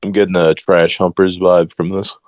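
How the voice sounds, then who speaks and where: A man making deadpan wisecracks in a casual podcast chat. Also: deep voice, moderate pace, dry recording, muffled recording.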